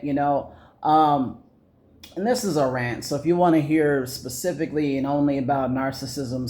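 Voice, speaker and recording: A man's voice: mid-range voice, darkish tone. A young man ranting casually to camera, swearing often and rambling with many fillers and restarts. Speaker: vlogger.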